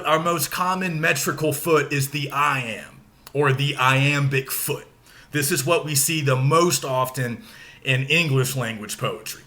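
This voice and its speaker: Bright-voiced man explaining a lecture. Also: on the high side. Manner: explanatory, casual with fillers. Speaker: teacher. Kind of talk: recorded lecture.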